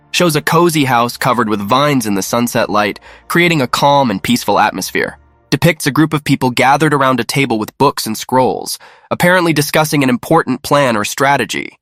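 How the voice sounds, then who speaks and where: Male narrator, mid-pitched, even matter-of-fact read, dry close sound. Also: fairly quick, no echo, soft background music. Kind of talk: scripted narration.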